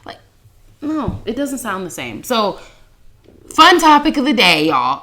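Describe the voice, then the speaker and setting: A young woman hosting a casual podcast chat, telling animated slangy stories and laughing often. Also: mid-range voice, measured pace. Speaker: podcast host.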